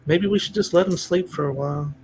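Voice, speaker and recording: High-voiced man making wry asides. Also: quick pace, darkish tone, slight background noise. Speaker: player. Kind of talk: casual tabletop play.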